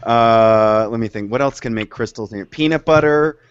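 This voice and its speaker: A man's voice: medium pitch, normal speed, clear, resonant tone, no echo. A man chatting casually on a web show, hesitant and full of fillers, over dull web call audio.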